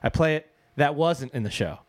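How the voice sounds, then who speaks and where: Laughing, animated young man telling a story. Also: a little high, normal speed, no room sound. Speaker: podcast co-host. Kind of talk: casual chat.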